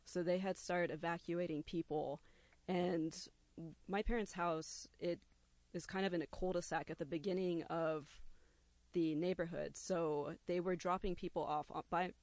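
A young adult with a medium-pitched voice tells a listener a personal story at a moderate pace, animated and acting out the quoted voices. The recording is dry.

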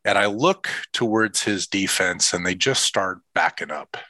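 A middle-aged man tells a heartfelt personal story in an earnest, emotional way. His voice sits fairly low yet sounds bright and forceful, recorded close and dry with no room sound. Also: a little slow, no room sound. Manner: earnest, emotional, quotes others in lively voices. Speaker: father and assistant football coach.

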